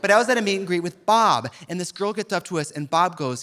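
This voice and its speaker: A man's voice: fairly high pitch, a little fast, hardly any pauses. A man performing stand-up in drag, campy and sardonic, often mocking people in quoted voices. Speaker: drag comedian. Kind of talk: stand-up comedy. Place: live comedy venue with audience laughing. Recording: live show with loud crowd noise.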